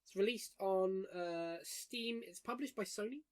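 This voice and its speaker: A man's voice: sits high, measured pace. A man hosting a casual gaming news podcast round a table with friends, wry and rambling with lots of fillers. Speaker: podcast host.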